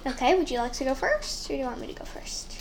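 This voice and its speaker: A woman's voice: sits high, sing-song, fast, slight background noise. A woman co-hosting a casual family podcast, reading out facts and running the segments with lots of "like" fillers, on a sensitive microphone. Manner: upbeat, reads facts, many "like" fillers. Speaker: podcast co-host. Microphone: sensitive studio microphone.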